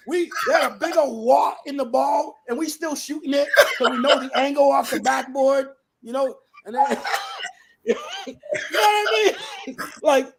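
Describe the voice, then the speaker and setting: A man in his fifties with a high voice tells a long story as a guest on an interview show. He is animated, peppers his talk with "you know" and drops lower to act out the people in his tales. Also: a little slow, vocal fry, a little hiss or hum. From New Bedford, Massachusetts area.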